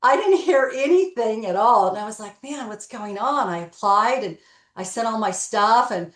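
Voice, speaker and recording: This interview guest, a real estate broker, has a voice on the high side and speaks at normal speed in a reverberant space. She's an animated storyteller who performs each line of dialogue in her anecdotes.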